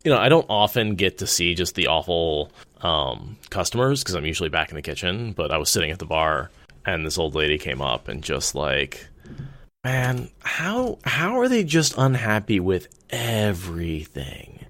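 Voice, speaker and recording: A man co-hosting a podcast, talking in relaxed, chatty storytelling. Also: low voice, moderate pace, dry recording. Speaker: podcast co-host. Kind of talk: casual chat.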